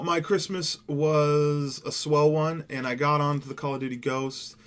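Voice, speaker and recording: A man's voice: a little high, little pitch movement, slow, clean tone. A young man from Seattle giving casual gameplay commentary as a gaming YouTuber, rambling and laid-back, swearing now and then. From Seattle, USA.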